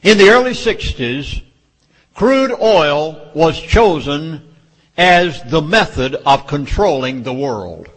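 A man's voice: fairly high pitch, lively intonation, slow, a bit bright. A man with a Southern US accent gives an urgent, emphatic speech to a public meeting, lecturing his listeners. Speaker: public speaker. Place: meeting hall with audience. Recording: long hall reverb.

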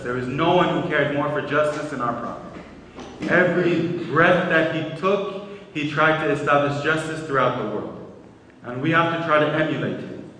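A man giving a religious lecture, explaining ideas in a measured way and restarting phrases as he goes. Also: mid-range voice, fairly bright tone, a little hiss or hum. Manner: measured, explanatory, repeats words when restarting. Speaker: Islamic lecturer. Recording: echoey hall, speaker far from mic.

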